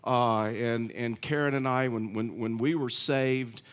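A man's voice: medium pitch, fairly even intonation, a little slow, clean tone. Man preaching in a chatty storytelling way. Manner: chatty storytelling, many restarts. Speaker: pastor. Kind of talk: conversational sermon.

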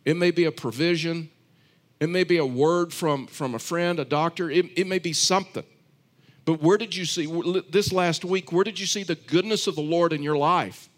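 A man's voice: on the high side, normal speed. A man preaching a sermon, earnest and repetitive, telling stories with frequent restarts. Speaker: pastor.

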